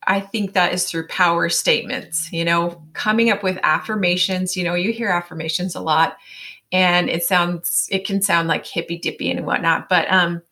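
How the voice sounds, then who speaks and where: Appearing as a guest in an interview, a woman in her forties tells a personal story in a lowish voice at a moderate pace. Her talk is chatty and packed with fillers, and she animatedly quotes her own inner voice.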